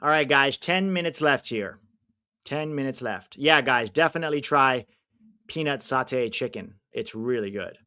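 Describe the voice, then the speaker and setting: A man's voice: medium pitch, normal speed. An American man hosting a live football watch-along, chatting with viewers and reacting to the match. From United States. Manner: chatty, answers viewers' comments, bursts of excitement at chances.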